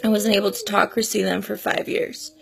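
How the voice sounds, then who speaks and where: A woman's voice: mid-range voice, expressive, fairly quick, gravelly. A woman vlogger in her thirties talking earnestly and tearfully about her children and family, pleading with parents. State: crying at times. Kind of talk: emotional personal vlog.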